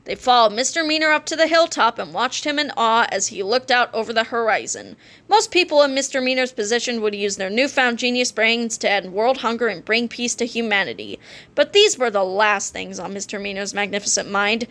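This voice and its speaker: A woman's voice: a little high, brisk. Playful woman reading a children's book. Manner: playful, lively storytelling. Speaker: reader. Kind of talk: children's book read-aloud.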